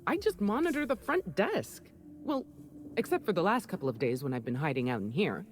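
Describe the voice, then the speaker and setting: A rattled, chatty receptionist. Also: female voice, on the low side, very animated, a little fast, a little hiss or hum. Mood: nervous. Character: nervous young woman receptionist hiding out. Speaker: receptionist character in a video game.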